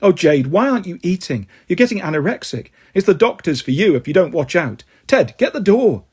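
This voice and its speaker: A man's voice: sits high, sing-song, a little fast, a little mellow, husky, heavily acted. A man voicing a harassed, cross mother with a scolding manner, read in a storybook. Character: cross, harassed working mum.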